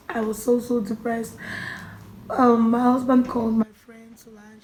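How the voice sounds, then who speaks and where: A woman's voice: a little high, a little hiss or hum. Emotional young woman in an echoey room. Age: young adult. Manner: emotional, halting, many restarts and soft drops in volume. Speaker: vlogger. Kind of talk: personal storytelling vlog.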